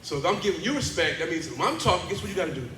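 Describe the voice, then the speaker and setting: A man with a high, bright voice works a children's assembly in a large school hall. He is playful and animated and keeps coaxing the kids into call-and-response. The sound bounces around an echoey room with a faint hum underneath. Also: very fast. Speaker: motivational speaker and teaching artist.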